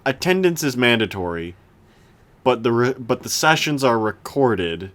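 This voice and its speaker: A young man co-hosting a casual podcast chat, rambling with lots of restarts and animated rants. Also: mid-range voice, a little slow. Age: young adult. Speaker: podcast co-host.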